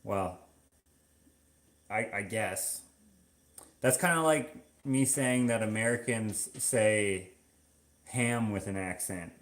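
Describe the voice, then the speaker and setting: A man from Canada talks in a casual, rambling way, stopping and restarting often and leaning on fillers. His voice sits a little low. The room around him adds a noticeable echo. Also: takes it slowly, pauses often. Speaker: vlogger. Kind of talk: casual chat.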